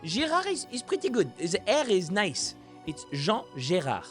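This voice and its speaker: Brief: young Frenchman with French accent, playful reaction host, slightly high voice, faint music under him. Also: wildly swooping pitch, normal speed. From France. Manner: chatty, playful, explains pronunciation. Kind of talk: casual commentary.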